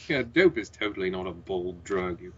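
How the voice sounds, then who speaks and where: A man with a husky voice trading mocking comments and exclamations during a comedic story reading. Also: low-pitched, very animated, unhurried, fairly bright tone, highs cut off. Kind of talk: comedic banter.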